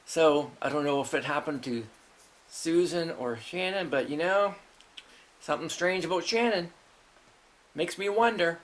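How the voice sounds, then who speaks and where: A middle-aged man tells rambling personal stories in a blunt, profane way. His voice rides a little high and jumps all over the place. He chuckles through the strange parts. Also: fairly bright tone. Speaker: show host.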